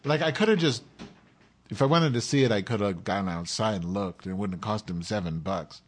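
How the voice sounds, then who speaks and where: A man hosting a casual chat, telling an animated story and acting out other people's voices. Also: lowish voice, moderate pace, breathy edge.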